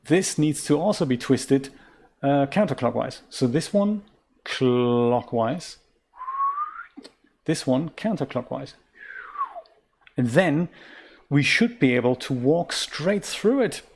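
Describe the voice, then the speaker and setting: A man's voice: medium pitch, animated, takes it slowly, pauses often, breathy edge. A man from Germany giving casual let's-play commentary on a puzzle game, chatty and self-mocking, with rambling asides. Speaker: game streamer.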